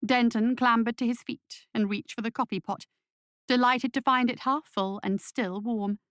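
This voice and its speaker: A woman narrating a scripted story in a measured, clear way. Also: a little high, fairly even intonation, no echo, studio quality. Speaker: audiobook narrator.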